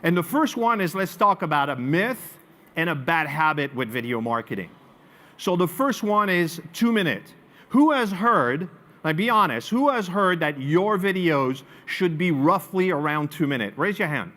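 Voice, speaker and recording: Speaking at normal speed in a slightly high voice, this marketing speaker from France has a French accent. Presenting live to an audience, he tells stories with animation, shifting from loud, emphatic lines to quiet asides.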